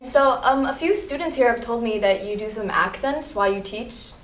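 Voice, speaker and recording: A woman's voice: on the high side, animated, moderate pace. A woman interviewing a teacher for a school show, polite and a bit hesitant. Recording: echoey room from far off, loud noise.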